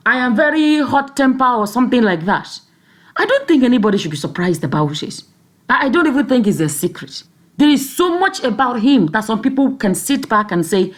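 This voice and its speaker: A woman from Nigeria with a Nigerian accent, giving emphatic, chatty opinion commentary on her vlog and often checking in with her listeners. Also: fairly high pitch. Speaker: vlogger.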